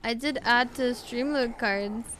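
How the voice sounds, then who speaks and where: A woman streamer chatting casually with her viewers, talking with vocal fry and lots of fillers. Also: a little high, measured pace, fairly bright tone, slight background noise. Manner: chatty, answers chat with fillers and laughs.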